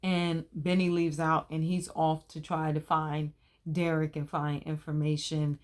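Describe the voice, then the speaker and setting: A woman's voice: low voice, flat delivery, a little slow. A woman in her thirties, hosting a casual recap of a TV episode, talking in a chatty, colloquial and opinionated way. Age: 30s.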